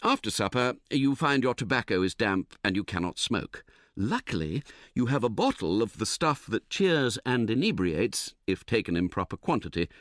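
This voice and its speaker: A man narrating an audiobook in a wry, animated storytelling manner. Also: medium pitch, no room sound, clean studio sound. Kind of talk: scripted narration.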